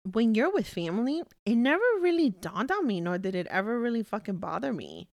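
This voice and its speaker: A young woman chats on her podcast, blunt, laughing and swearing freely. Her voice sits at a middle pitch. It is recorded close and dry. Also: big pitch swings, fairly quick, darkish tone, dry recording. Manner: frank, profane, laughing. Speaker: podcast co-host. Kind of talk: casual chat.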